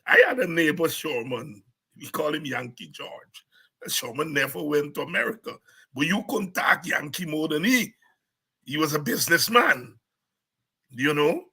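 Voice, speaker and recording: Husky, sharp-toned male host. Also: a little high, expressive, poor audio. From Guyana. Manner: halting, with many restarts and soft chuckles. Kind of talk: reflective political commentary.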